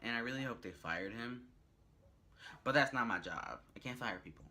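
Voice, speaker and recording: A young man vlogging, telling a rambling story in a chatty, animated way. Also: mid-range voice, moderate pace. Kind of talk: casual storytelling vlog.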